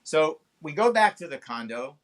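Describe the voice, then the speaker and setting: Older guy in his 70s spinning a wild story, swears a lot, pitch jumps all over when he acts stuff out. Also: big pitch swings, moderate pace, a bit bright. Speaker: guest actor. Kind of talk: anecdotal storytelling in a podcast interview.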